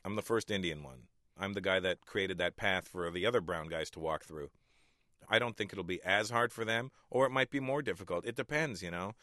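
Middle-aged male comic guest, lowish bright voice, dry close sound, easygoing anecdotes with chuckles. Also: a little fast, no echo. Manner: chuckles often, relaxed storytelling. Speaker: stand-up comedian, guest. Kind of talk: casual interview talk.

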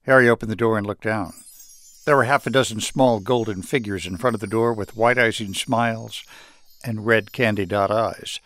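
A man reading a children's story aloud in an animated, theatrical way. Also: on the low side, moderate pace, no echo. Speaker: story reader.

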